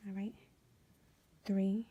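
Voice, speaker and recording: A woman hosting a casual sewing tutorial, chatty and drifting into quiet whispered asides as she works. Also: mid-range voice, little pitch movement, extremely slow, husky, muffled recording. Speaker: DIY sewing vlogger.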